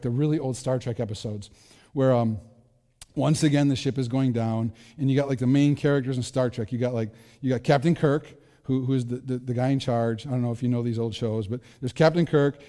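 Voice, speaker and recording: Middle-aged male pastor, mellow voice, chatty self-deprecating sermon, echoey hall. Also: mid-range voice. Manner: conversational, self-deprecating, frequent restarts.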